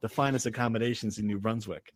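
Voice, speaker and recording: A man's voice: fairly low pitch, fairly even intonation, quick pace, no echo. A man hosting a casual sports podcast, joking and teasing his co-hosts. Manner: joking, teasing, self-described hotel snob. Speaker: podcast host.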